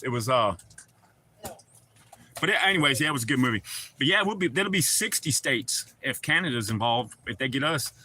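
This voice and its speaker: A man's voice: mid-range voice, pushed and bright, slight background noise. A man hosting a livestream, chatting casually and profanely with viewers and joking around. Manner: profane, joking, talks back to chat. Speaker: livestream host.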